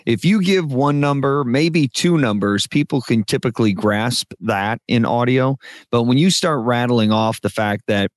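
A man's voice: medium pitch, measured pace, dry recording, studio quality. A middle-aged man who produces radio commercials, patiently explaining production tips step by step in a podcast discussion. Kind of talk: advice in a podcast critique.

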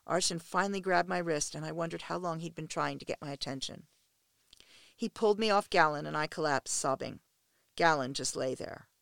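A woman narrating a first-person erotic story in an intimate, steady reading voice. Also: low voice, fairly quick, gravelly, clean tone, dry recording. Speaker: audiobook narrator.

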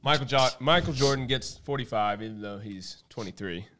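A man's voice: medium pitch, normal speed, a crowd in the background. A young man co-hosting a podcast, easygoing and jokey in casual chat. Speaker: podcast co-host.

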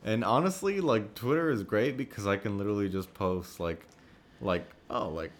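Very deep-voiced drunk podcast co-host man. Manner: slurring, goofy, drawn-out. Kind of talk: casual chat.

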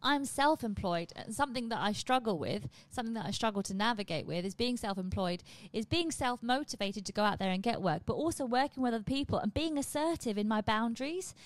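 A woman's voice: a little high, expressive, a little fast, hardly any pauses, no room sound. A woman comedian talking to camera from her home, chatty and blunt and swearing freely. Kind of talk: casual monologue to camera.

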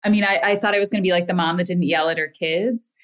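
A woman's voice: lowish voice, steady tone, fast, fairly bright tone. A woman guest on a podcast, a mother and wellness coach, telling candid stories with laughter and filler words. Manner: candid, laughing storyteller with many "like"s. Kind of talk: casual interview chat.

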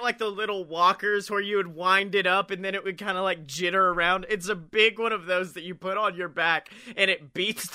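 A man's voice: sits high, sharp tone. A man co-hosting a comedy podcast, chatting casually with crude jokes and frequent laughter. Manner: crude, laughs often, jokey improv. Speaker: podcast co-host.

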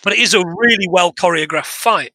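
An English man casually retelling a film plot to a co-host, animated and chatty, laughing and swearing now and then. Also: high-pitched, a little fast, no room sound, rough recording. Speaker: podcast co-host. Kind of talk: casual film recap chat.

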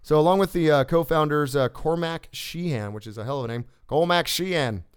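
A man hosting a casual podcast, reading news stories in a relaxed, joking way with fillers. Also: on the high side, brisk, clean tone. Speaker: podcast host.

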